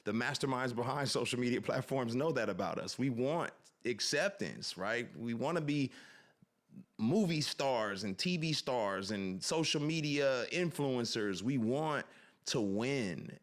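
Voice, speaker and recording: A man on a podcast earnestly reflects on authenticity and tells personal stories in an animated way. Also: medium pitch, unhurried. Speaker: podcast guest. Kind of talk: reflective storytelling.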